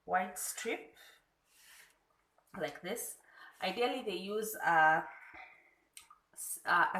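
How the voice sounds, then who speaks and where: A Kenyan woman gives a slow, step-by-step cooking lesson in a home kitchen. Her voice is bright and a little low-pitched. The room is echoey, with faint clatter of pots and dishes. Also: a little hiss or hum. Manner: unhurried, demonstrating step by step. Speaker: food blogger. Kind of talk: cooking tutorial.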